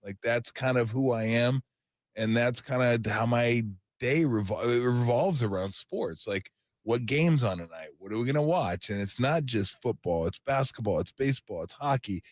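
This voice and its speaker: A man's voice: medium pitch, expressive, normal speed, no room sound, studio quality. Easygoing older man, rambling radio host. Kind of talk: farewell radio talk.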